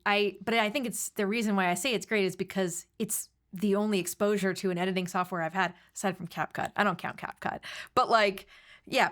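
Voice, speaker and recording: A woman's voice: medium pitch, fairly bright tone. A woman guesting on a podcast, chatting casually and rambling a little as she tells stories. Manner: chatty, rambling with fillers and laughs. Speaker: podcast guest, actor and filmmaker. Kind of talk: casual chat.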